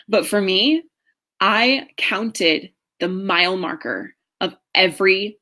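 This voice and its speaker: A middle-aged woman, a marriage coach, telling her own story in an earnest, emotional way with slow pauses. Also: mid-range voice, pushed and bright. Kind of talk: personal story talk.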